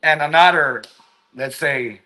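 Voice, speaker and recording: A man's voice: a little high, sharp tone, rough recording. A man from China speaking English as a second language in a casual vlog monologue, rambling, full of fillers and swearing. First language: Chinese. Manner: slow, rambling, swears a lot, many fillers. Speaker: vlogger.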